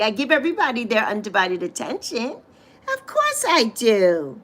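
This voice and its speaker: Chatting casually on a livestream through a phone or webcam, this woman in her sixties reads viewers' comments and addresses them as honey. Her voice is fairly high and fairly bright, with huge pitch swings and a moderate pace.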